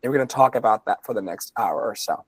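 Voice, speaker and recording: A man's voice: on the low side, quick pace, breathy edge, dry recording, poor audio. A man co-leading a coaching masterclass, giving a motivational talk with folksy, emphatic phrasing. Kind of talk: motivational talk to an online audience.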